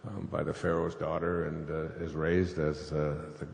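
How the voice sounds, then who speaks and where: In front of a live audience on stage, a man who writes about spirituality tells a scripture story in a rambling way, chuckling and using fillers. His pitch is extremely low with vocal fry and little movement, and he talks at normal speed. The hall is echoey, with faint noise in the recording.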